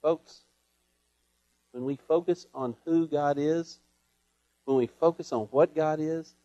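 A man preaching a sermon with a slightly raised voice. He speaks earnestly, stammers and repeats words, and swings from loud emphasis to hushed asides. The sound is close and dry. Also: a little high, fairly even intonation, slow pace, no echo, highs cut off.

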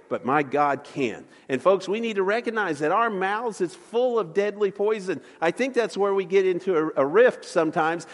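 A man's voice: high-pitched, long reverb tail. A man preaching a folksy sermon, acting out the voices in his stories. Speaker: pastor. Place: church sanctuary.

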